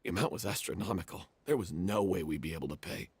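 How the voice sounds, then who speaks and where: A man's voice: deep voice, quick pace, breathy edge, dry recording, exaggerated voice. An actor voicing a remorseful male troupe member who confesses his mistake and blames himself. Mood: grave. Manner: confessional, self-reproaching. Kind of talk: game voice acting.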